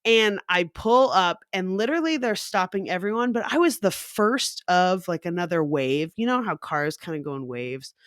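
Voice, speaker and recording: A woman's voice: fairly low pitch, moderate pace, hardly any pauses, no echo, studio quality. A woman co-hosting a podcast, telling a story in casual chat, swearing freely and acting out the scene. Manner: profane, animated storyteller. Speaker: podcast co-host.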